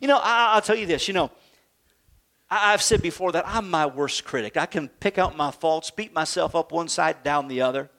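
A middle-aged male pastor delivering a sermon in a notably high voice. He preaches emphatically, building to near shouts and then falling soft and slow to make his points.

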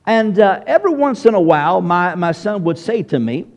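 A pastor with a Southern US accent preaches in church. His voice sits high for a man, and it rises and falls in big, lively swings as he questions his listeners. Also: normal speed, highs cut off. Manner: animated, questions the congregation directly. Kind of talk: sermon.

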